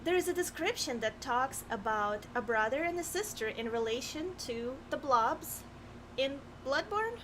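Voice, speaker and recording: High, lively, excitable woman gamer. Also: a little slow, a little hiss or hum. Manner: excitable, laughing, flustered. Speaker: streamer co-host. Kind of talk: casual chat while playing a game.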